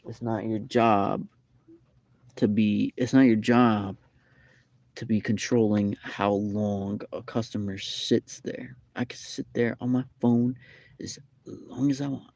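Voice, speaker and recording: A young man chats on a live stream, telling a long, looping story full of fillers and repeats. His voice sits low and has a gravelly edge, and the tone is dark and mellow. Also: fairly even intonation, slow pace, no echo. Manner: rambling, repetitive storytelling with many fillers. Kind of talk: casual live-stream chat. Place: McDonald's restaurant.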